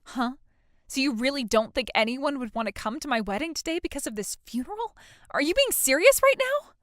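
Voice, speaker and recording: A whiny, entitled young bride, played by a woman, stammering and demanding in a dramatized text-message story. Her voice sits high, and the recording is dry and close-miked. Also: a little fast, no room sound, close to an everyday voice. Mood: indignant.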